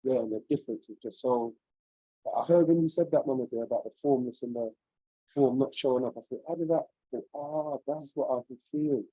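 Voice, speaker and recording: A man's voice: medium pitch, fairly quick, dark tone, dry recording, low-quality recording. A man on a video call, sharing a personal story in an earnest, searching, rambling way. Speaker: webinar participant.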